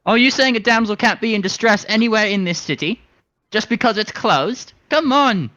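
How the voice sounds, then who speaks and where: A man voicing a brash adult male flying pony hero who pleads loudly and flatters. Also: high voice, normal speed, no room sound, pitched above the performer's own voice. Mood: pleading. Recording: dull lo-fi recording.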